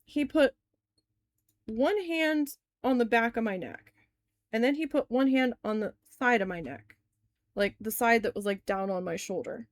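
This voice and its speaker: A woman's voice: fairly high pitch, a little slow, dry recording. A young woman telling a story in a casual crafting vlog, candid and swearing freely, often saying "like".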